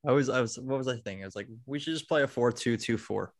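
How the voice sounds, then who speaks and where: A man's voice: mid-range voice, fast, no echo, clean studio sound. A man hosting a casual football chat, rambling with restarts and laughing often.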